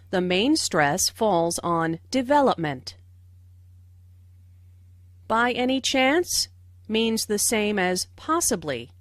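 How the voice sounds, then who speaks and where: A woman narrating language notes in slow, carefully enunciated scripted explanations. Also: mid-range voice, no room sound, studio quality.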